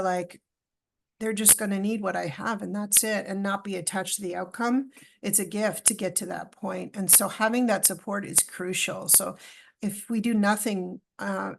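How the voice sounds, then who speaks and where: Female guest, middle-aged, gravelly texture, animated storyteller. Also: mid-range voice, background noise. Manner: animated storyteller, acts out dialogue. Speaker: podcast guest. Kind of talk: storytelling in a podcast interview.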